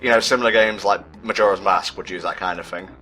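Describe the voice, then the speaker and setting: A man's voice: sits low, fast, pushed and bright, faint music behind. A British man giving casual, sardonic commentary on a game he plays, often stumbling as he hunts for words. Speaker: let's play commentator.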